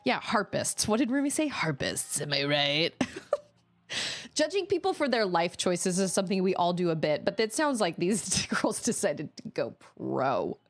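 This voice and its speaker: Animated woman streamer telling a story. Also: medium pitch, measured pace. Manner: animated, acts out other people's voices in quotes; chatty, rambling, with many restarts. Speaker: gaming streamer. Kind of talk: casual storytelling while streaming a game.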